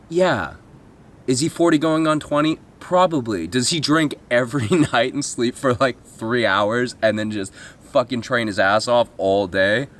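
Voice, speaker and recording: A man's voice: mid-range voice, a bit bright. A man telling a comic travel story as a vlogger, rambling and swearing, with self-mocking asides and mimicked voices.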